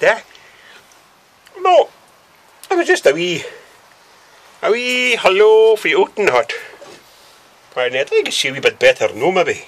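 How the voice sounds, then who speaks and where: A Scottish man with a fairly high voice rambles cheerfully to his own handheld camera inside a small cluttered hut. His pitch jumps all over the place as he talks, and he ends almost every phrase with a questioning "eh?". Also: sing-song, normal speed, pauses often. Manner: rambling, tags nearly every phrase with "eh?", exclaims "by George". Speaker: vlogger. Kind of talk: casual chat to camera.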